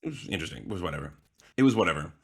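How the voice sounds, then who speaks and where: Guy rambling on a podcast, keeps searching for words, low voice. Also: animated, racing, vocal fry, breathy edge. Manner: rambling, hesitant, searching for words with many ums. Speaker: podcast co-host. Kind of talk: casual chat.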